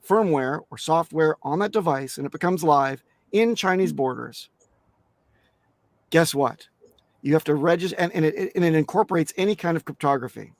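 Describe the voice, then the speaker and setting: A man's voice: fairly high pitch, darkish tone, dry recording. A man speaking as a guest on a crypto interview show, emphatic and blunt, swearing casually and restarting his sentences often.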